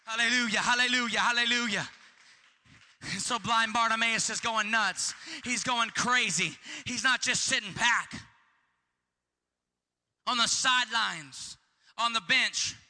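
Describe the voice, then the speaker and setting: Male preacher, fervent and repetitive, high piercing voice, reverb-heavy hall. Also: a little slow, long pauses. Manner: fervent, repetitive, builds to shouting. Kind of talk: sermon.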